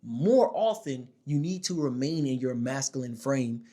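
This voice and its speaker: A man giving dating advice in a casual monologue to the camera, emphatic and slangy, often checking in with his listeners. His voice is not especially deep. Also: lively intonation, measured pace, warm tone. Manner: emphatic, slangy, keeps checking in with "all right?" and "my dog".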